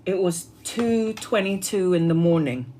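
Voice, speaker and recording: A woman tarot reader shares a personal spiritual story on a livestream. Her voice sits a little low, and she talks earnestly and from the heart. She takes it very slowly and unhurriedly. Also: mellow, slight background noise.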